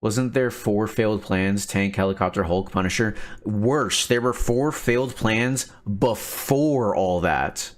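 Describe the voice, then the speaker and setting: A man hosting a casual commentary stream, animated and quick to laugh. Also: fairly low pitch. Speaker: stream host.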